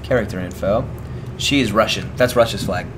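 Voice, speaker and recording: A man co-hosting a video game playthrough in relaxed, chuckling casual chat. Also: lowish voice, fairly quick, background noise. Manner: relaxed, chuckling, talks over gameplay. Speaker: let's play co-host.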